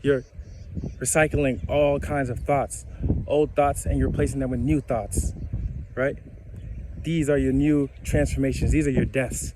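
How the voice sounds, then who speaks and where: Man musing slowly over outdoor noise. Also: mid-range voice. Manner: slow, emphatic, repeats phrases, laughs at himself. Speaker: spiritual vlogger. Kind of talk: casual spiritual monologue.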